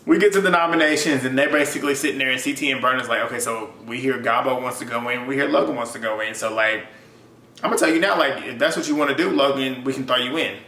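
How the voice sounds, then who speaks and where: A young man giving a casual, animated recap of a reality TV episode, laughing often and swearing freely. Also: medium pitch, quick pace. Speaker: YouTube reality TV reviewer. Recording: echoey room with faint background hum.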